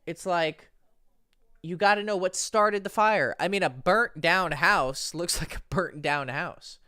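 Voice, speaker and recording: A man's voice: high voice, unhurried, sharp tone, dry recording, studio quality. A man hosting a casual livestream Q&A from home as a dating coach, talking loosely and profanely and explaining with examples and stories.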